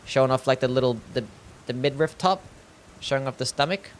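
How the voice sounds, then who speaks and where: A young man talks over a livestream at an ordinary middle pitch, relaxed and profane, answering his chat between fights. A faint hum of background noise sits under his voice. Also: a little fast. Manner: chatty, swearing, reads chat aloud, laughs easily. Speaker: game streamer. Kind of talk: casual livestream commentary.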